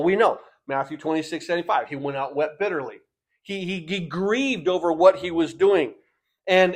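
A man preaching a sermon in an earnest, emphatic way, often repeating words for stress. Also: fairly high pitch.

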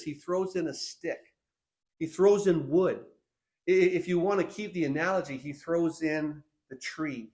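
A man preaching a sermon, animated, acting out Bible figures in quick back-and-forth dialogue. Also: on the high side.

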